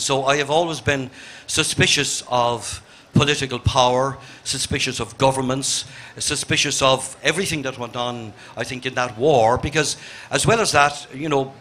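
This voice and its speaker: Bright-voiced older Irish man. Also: mid-range voice, a little hiss or hum. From Ireland. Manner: earnest, halting with many restarts. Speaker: novelist on a festival panel. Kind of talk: reflective festival conversation.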